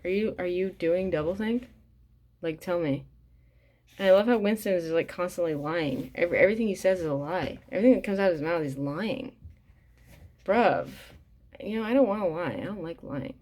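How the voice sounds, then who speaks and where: A woman's voice: fairly low pitch, brisk, a little mellow. A woman reading a book aloud and commenting bluntly and casually, swearing often with plenty of fillers. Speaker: reader and commentator.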